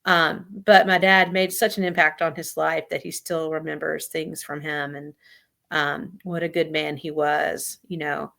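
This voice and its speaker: Woman interview guest, lowish voice with vocal fry, telling a personal story with hesitant pauses. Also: level tone, fairly bright tone. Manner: halting, hesitant, with many pauses and fillers. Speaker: guest sharing lived experience of suicide loss. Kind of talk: emotional personal account in an interview.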